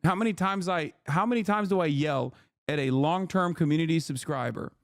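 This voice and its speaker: A man's voice: fairly high pitch, brisk, gravelly, no room sound, studio quality. A man streaming live, ranting at his chat in exasperated, profane commentary as he reacts to a video. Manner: scolding his chat directly.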